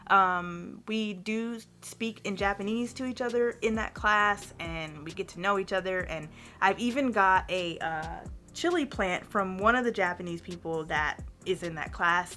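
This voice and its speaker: A young woman chats candidly through a vlog update, talking in a loose, rambling way full of fillers. Her voice is bright and clear at a middling pitch. Soft music plays quietly behind her. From United States. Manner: candid, chatty, ranting, many fillers. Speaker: vlogger, teacher in Japan.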